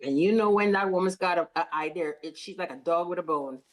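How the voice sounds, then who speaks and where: Woman podcast co-host, low register, supportive reactor chiming in. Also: fast. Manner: supportive, mostly short agreements and sympathetic reactions. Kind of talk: casual rewatch podcast chat.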